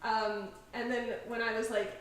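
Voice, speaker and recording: A woman's voice: on the high side, little pitch movement, moderate pace. Chatty young woman in an echoey kitchen. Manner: chatty storyteller, many "like"s and laughs. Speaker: cooking show host. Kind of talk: casual chat while cooking. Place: home kitchen. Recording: echoey kitchen, mic far off.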